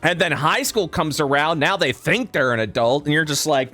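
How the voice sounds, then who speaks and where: Podcast guy chatting, bright high-ish voice, bits of music under it, does little voices when he tells stuff. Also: moderate pace. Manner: animated, acts out quoted voices, swears freely. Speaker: podcast co-host. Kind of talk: casual chat.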